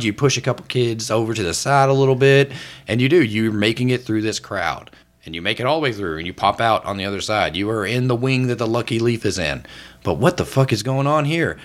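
A man runs a tabletop game as game master, telling a chaotic scene with casual swearing. His pitch jumps around a lot, and he keeps breaking into laughter. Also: fairly bright tone. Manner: laughs often, swears casually, slips into quick voices for passersby. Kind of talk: narrating a tabletop game, profane and comic.

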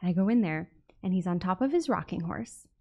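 A woman co-hosting a podcast, telling stories in an animated, giggly way. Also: fairly low pitch, brisk, muffled recording. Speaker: podcast co-host. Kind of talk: casual storytelling.

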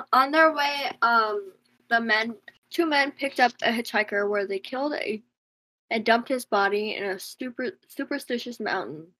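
Young woman, tense bright voice, slightly high, trips over names, casual chat. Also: measured pace, rough recording. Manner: stumbles over names and words, giggly asides. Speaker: true crime presenter. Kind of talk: casual chat reading a case aloud.

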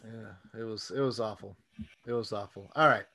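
A man's voice: lowish voice, normal speed, creaky, bright, forceful tone. A man co-hosting a casual sports podcast, laid-back and agreeable, his voice dropping to a mutter when he concedes a point. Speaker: podcast co-host.

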